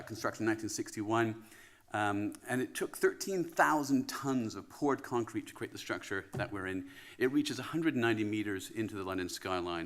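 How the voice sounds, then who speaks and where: A man with a Canadian accent giving a relaxed, wry welcome speech as conference host, with frequent "um" fillers. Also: lowish voice. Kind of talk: welcome address. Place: conference venue in a tower.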